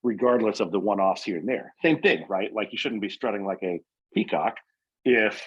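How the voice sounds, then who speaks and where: A man's voice: fairly low pitch, moderate pace, husky, muffled recording. A man who owns a painting company, talking earnestly in a casual podcast interview, rambling with many fillers and restarts. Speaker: painting company owner, guest.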